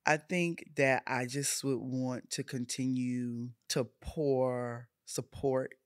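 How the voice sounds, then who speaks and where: A woman's voice: a bass voice, steady tone, smooth, no echo. Earnest woman in a dry close room. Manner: emotional, earnest, drawn-out phrasing. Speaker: guest, older sister. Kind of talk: casual podcast conversation.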